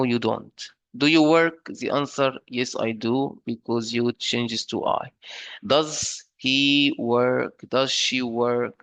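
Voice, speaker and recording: Male teacher for a recorded lesson: unhurried, patient explainer, middle-pitched voice, dry room. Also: fairly bright tone, dry recording. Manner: slow, deliberate explanations with fillers and checks. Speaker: English teacher.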